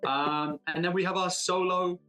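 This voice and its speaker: A man from Britain chats as a guest in a casual interview, cracking self-mocking jokes and throwing in quick asides. His voice sits a touch high for a man. Faint music plays underneath. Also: fairly even intonation, sharp tone. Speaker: actor guest.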